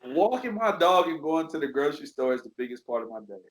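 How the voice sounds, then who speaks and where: A man's voice: on the high side, big pitch swings, fast. A man chatting casually on a podcast, laughing often and swearing freely. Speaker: podcast guest. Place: his home in Dallas. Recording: echoey room.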